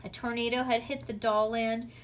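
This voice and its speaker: A woman's voice: fairly high pitch, little pitch movement, normal speed, slight background noise. A woman reading a children's book aloud and chatting with a child afterward. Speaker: reader to a child.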